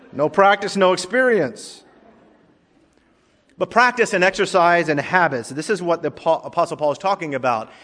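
A man's voice: high-pitched, measured pace, long pauses, a bit bright. A male pastor preaching a sermon in a conversational, joking way, in a church sanctuary. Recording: long reverb of a large hall.

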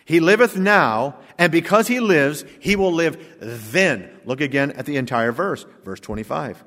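A man's voice: a little high, animated, unhurried, few pauses. Emphatic male pastor in a reverberant hall. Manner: emphatic preaching with rhetorical questions and big swings in loudness. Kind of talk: sermon. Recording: long reverb of a large hall.

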